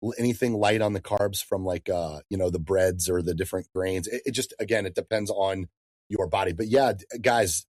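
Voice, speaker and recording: A man in his thirties, a fitness coach talking in a casual podcast interview, animated and slangy, calling people dude and man. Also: deep voice, a little fast, no room sound, studio quality.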